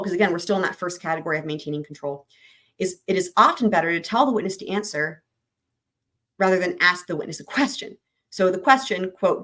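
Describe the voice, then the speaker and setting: A woman's voice: on the low side, fairly bright tone. Chatty woman reading legal notes aloud. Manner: reads legal text aloud, then breaks off to chat and answer viewer comments. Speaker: livestream host reading trial commentary. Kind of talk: casual explanatory livestream.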